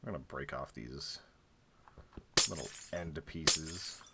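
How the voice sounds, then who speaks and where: Deep-voiced man rambling while he builds. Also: takes it slowly, heavy background noise. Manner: rambling, joking, lots of "like" fillers; counts blocks under his breath. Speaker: game streamer. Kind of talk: casual chat while building in a game.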